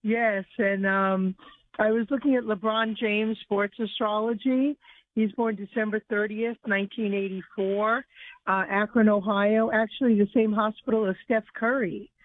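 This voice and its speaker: Brief: female radio caller, steady and informative, heard over a tinny phone line. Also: medium pitch, normal speed, no echo. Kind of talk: call-in to radio show.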